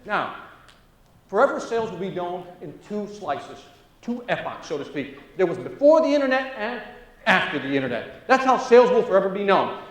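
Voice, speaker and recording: A man giving an energetic sales seminar, often quizzing the audience with quick questions. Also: high voice. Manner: energetic, asks the crowd questions. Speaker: sales trainer. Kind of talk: motivational seminar talk. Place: seminar room. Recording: echoey room, far from mic.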